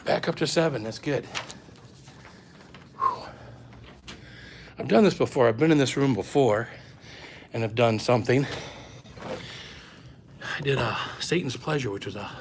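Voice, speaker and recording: Unhurried and prone to long pauses, a man runs a live stream about eating hot peppers from an upstairs room, greeting viewers by name and sounding a little short of breath. His mid-range voice has lively intonation, and background noise is audible over the close-range phone camera.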